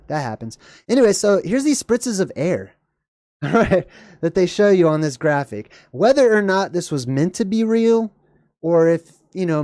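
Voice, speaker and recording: Chatty streamer rambling through a reaction vid, lots of little laughs, mid pitch, dead dry mic. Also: a little mellow, no echo. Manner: digressive, laughs often, jokey, sudden pitch jumps. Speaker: livestream host. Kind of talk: rambling live reaction commentary.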